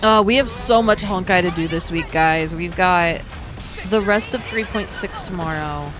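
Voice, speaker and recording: A woman with a fairly low voice talks at normal speed while streaming as a virtual singer and gacha player. She banters playfully with chat during gameplay, humming and laughing, with background music in the mix.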